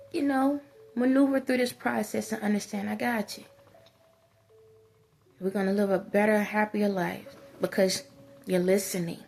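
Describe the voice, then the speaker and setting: A woman's voice: medium pitch, creaky, a little mellow. A woman giving a preachy monologue to her viewers as a spiritual advisor, scolding them with emphatic repetition.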